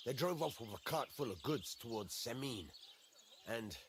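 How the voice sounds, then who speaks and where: A man's voice: mid-range voice, expressive, normal speed, noisy background, natural voice. A man voicing an irritated medieval merchant. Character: annoyed medieval merchant giving a task.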